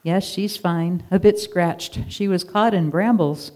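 Reader doing weary kind shepherd, steady calling voice, storybook father. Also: medium pitch, unhurried, natural voice.

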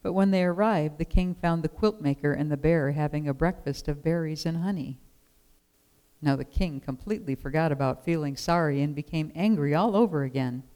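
Clear-voiced storybook narrator. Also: medium pitch, brisk, dark tone, poor audio. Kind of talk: storybook read-aloud.

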